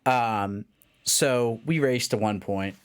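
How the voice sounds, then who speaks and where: A man, co-hosting a podcast and telling a long, rambling anecdote in casual chat, acting out the shouting of people in his story. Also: mid-range voice, slow, clear, resonant tone. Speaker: podcast co-host.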